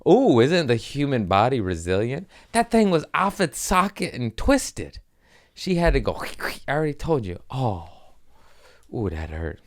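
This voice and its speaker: A man's voice: mid-range voice, wildly swooping pitch, a little slow. A man hosting a comedy podcast, rambling through crude jokes in a casual monologue, giggling often and slipping into silly voices.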